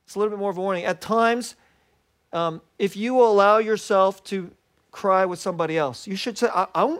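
A middle-aged man preaching a sermon as a pastor, animated and laughing often as he acts out what people say. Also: sits high, brisk. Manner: animated, laughs often, quotes himself in little voices.

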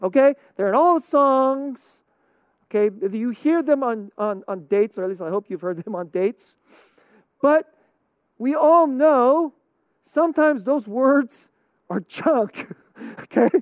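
A woman's voice: high voice, expressive, slow pace, pauses often, no room sound, clean studio sound. A middle-aged woman pastor preaching a conversational sermon, laughing often and checking in with "okay?".

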